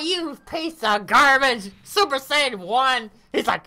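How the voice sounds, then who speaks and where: A woman giving casual commentary on her mobile game summons, animated and cursing at bad pulls. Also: sits high, takes it slowly, hardly any pauses, raised voice. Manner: animated, groaning, swears.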